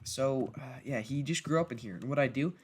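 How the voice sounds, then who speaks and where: A man's voice: mid-range voice, background noise. Rambling male gamer narrating a base tour. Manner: rambling, halting, restarts sentences. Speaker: gaming video creator. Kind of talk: casual gameplay narration.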